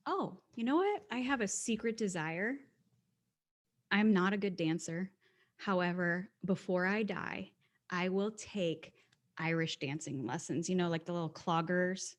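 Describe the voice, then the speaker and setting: A woman's voice: on the low side, unhurried. A woman guest on a podcast, speaking in an emphatic, motivational way and swearing casually. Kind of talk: casual chat.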